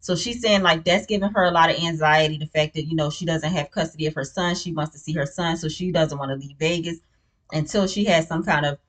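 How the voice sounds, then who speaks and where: Chatty woman with a lowish voice. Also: brisk. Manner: chatty, keeps saying "you know what I'm saying"; blunt, opinionated. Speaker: reality TV recap host. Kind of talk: casual recap commentary.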